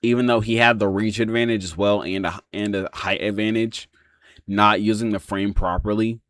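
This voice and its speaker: A man with a lowish voice talks through a fight breakdown in a loose, rambling way, filling his pauses with 'um' and swearing often. The sound is dry and close, with no room around it. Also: steady tone, fairly bright tone, dry recording. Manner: rambling, heavy swearing, many fillers. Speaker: MMA reaction channel host.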